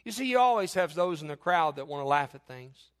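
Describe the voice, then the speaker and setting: A middle-aged man preaching a sermon, reading scripture and pressing his listeners, rising to near-shouts on key points. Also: a little high, expressive, fairly quick, smooth.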